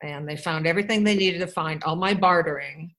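A woman's voice: fairly low pitch, a little fast, a bit bright, low-quality recording. A woman from Wisconsin telling her own life story to a group, candid and rambling, with wry asides and frequent restarts. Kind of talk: personal storytelling talk.

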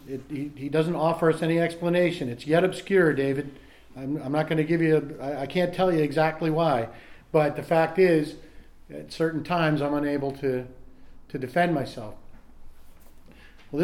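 A man reading aloud from a recovery book and sharing his own story in a candid, self-mocking way, often restarting his sentences. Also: fairly high pitch. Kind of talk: reading aloud and personal testimony.

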